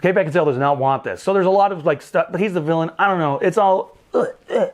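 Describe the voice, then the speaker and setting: A man's voice: sits high, quick pace. A man hosting a casual movie review show, recapping the plot with jokes, exasperated asides and casual swearing.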